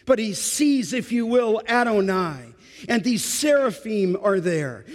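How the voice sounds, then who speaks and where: A man's voice: sits high, animated, a little slow, long reverb tail. A man pastor preaching a sermon, building emphasis through repetition.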